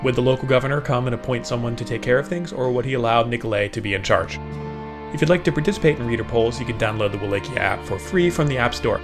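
A man narrating a serialized story, reading the script in a steady, measured manner. His voice sits at an ordinary middle pitch for a man. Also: over music.

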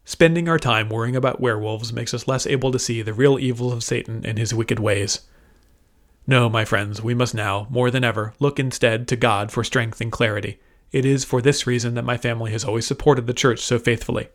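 Pious nobleman addressing a crowd, formal and declaiming, mid-pitched male voice, read by a man narrating a serial. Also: fairly even intonation, fairly quick, lightly acted. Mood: solemn. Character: male nobleman giving a pious public speech.

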